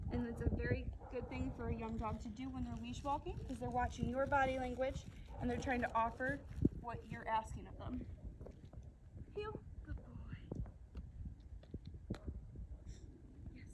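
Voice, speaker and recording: Woman dog trainer, high voice, calm soft commands, off-mic, loud background noise. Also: distant mic. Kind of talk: outdoor training demonstration.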